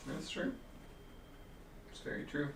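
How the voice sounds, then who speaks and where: Bantering man, distant and roomy. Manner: quick, teasing banter. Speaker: co-host of a painting livestream. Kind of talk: casual chat. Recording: roomy, distant mic, noisy ambience.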